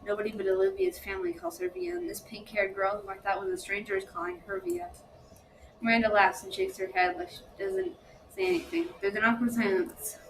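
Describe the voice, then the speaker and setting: A woman's voice: a little high, low-quality recording. A woman reading a novel aloud in first-person narration, plainly, with small slips she corrects. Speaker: reader. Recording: steady background noise.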